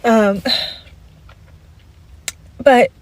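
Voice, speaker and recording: A woman's voice: a little high, steady tone, drawn-out words, a little mellow, dry recording, low-quality recording. A woman, a stay-at-home mom, telling a personal story in an earnest, rambling way with frequent ums.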